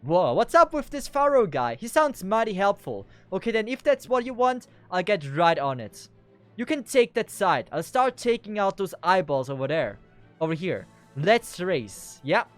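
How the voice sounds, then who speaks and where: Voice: mid-range voice, big pitch swings, normal speed, dry recording, close to an everyday voice. A streamer voicing a cheerful male archer hero with an exaggerated mock-Italian lilt, reading game dialogue aloud over faint game music. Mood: eager.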